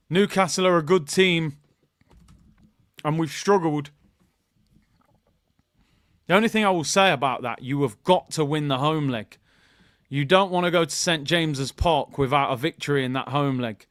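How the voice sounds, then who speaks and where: A man hosting a live football watchalong, chatting with his viewers and shouting at good news. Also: fairly high pitch, smooth, no echo, studio quality. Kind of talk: live fan stream chat.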